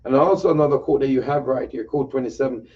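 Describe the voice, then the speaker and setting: A man's voice: medium pitch, fast. A man hosting an interview, a preacher who affirms his guest and echoes the guest's phrases back. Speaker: podcast host and preacher. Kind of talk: casual interview chat. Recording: dull, distant sound.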